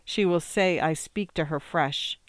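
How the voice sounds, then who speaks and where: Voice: mid-range voice, unhurried, no room sound, close to an everyday voice. A reader voicing a frightened German refugee man who speaks stiff, formal English. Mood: fearful.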